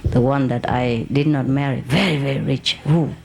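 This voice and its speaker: A woman's voice: very deep voice, moderate pace, vocal fry, background noise. A woman, a spiritual teacher, tells a long personal anecdote to an audience in loose, broken English. She laughs often and acts out the people in her story. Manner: animated anecdote with laughs and acted quotes, broken English grammar.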